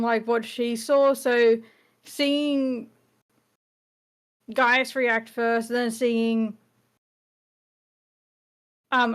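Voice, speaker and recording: A woman player talks through her character's reaction in a higher voice. She rambles and leans on fillers. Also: a bit bright. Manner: rambling, lots of "like". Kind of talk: tabletop game play.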